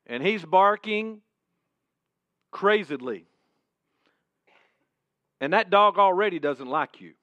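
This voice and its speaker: A male preacher tells a sermon story in the second person and drops to a hush at key points. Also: high voice, expressive, takes it slowly, pauses often, no room sound. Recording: dull, dry sound.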